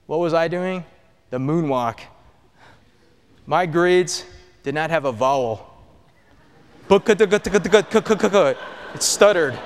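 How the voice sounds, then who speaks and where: Middle-aged man with a smooth, slightly high voice giving an earnest testimony in a big echoing hall. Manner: earnest storytelling, dropping low and soft on painful memories. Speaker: professor giving a personal testimony. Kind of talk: testimony talk to an audience. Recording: long hall reverb.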